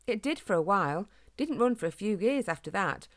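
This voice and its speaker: A woman's voice: mid-range voice, expressive, a little fast, no room sound, lightly acted. A kindly storybook father hedgehog, read by a woman, chatting fondly about old times. The delivery is folksy and homely. The sound is dry and close.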